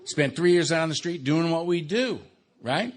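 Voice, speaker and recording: An older man from Los Angeles speaking to a live recovery meeting. He tells his story conversationally, laces it with dark, wry humor, and keeps checking in with "right?". His tone turns quiet and subdued for grave memories. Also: on the high side, lively intonation, normal speed. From Los Angeles, USA. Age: 60s. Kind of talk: recovery talk to a live audience.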